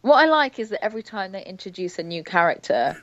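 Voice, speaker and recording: A woman's voice: mid-range voice, big pitch swings, fast talker, muffled recording, a crowd in the background. A woman TV critic from the UK, chatting with amusement and opinions about television. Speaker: TV critic guest. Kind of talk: casual chat.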